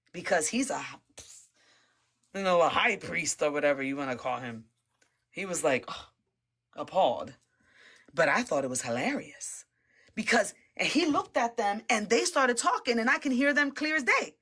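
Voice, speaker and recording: A woman guest telling a personal faith testimony in a casual, animated way, often laughing and repeating words as she talks. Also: mid-range voice. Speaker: interview guest giving testimony.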